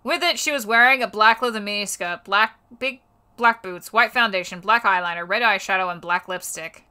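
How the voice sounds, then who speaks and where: A woman's voice: medium pitch, normal speed, pushed and bright, smooth. A young woman on a livestream reading a fanfiction aloud for laughs, stumbling over words and breaking off into exasperated, cursing asides. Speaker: streamer.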